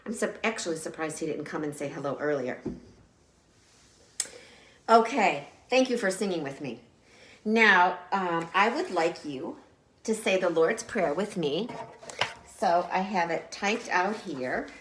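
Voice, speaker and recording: A woman teaching an online Sunday school lesson, speaking gently and simply to young children, recorded on a home camera. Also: fairly low pitch, lively intonation, measured pace, pauses often. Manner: gentle, encouraging, talks simply to young kids. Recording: roomy echo.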